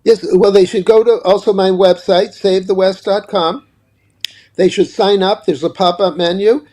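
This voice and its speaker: An older man speaks as a guest author in a political interview, pressing his points emphatically. His voice sits high, yet it sounds dark and mellow, and he often stumbles over repeated words at the start of a sentence. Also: steady tone, moderate pace.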